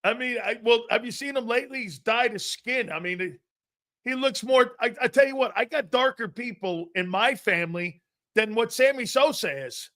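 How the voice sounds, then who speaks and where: Chatting his way through casual stories, a middle-aged man hosting a sports talk show keeps laughing at himself. He moves at a moderate pace, dropping to mutters one moment and exclaiming loudly the next.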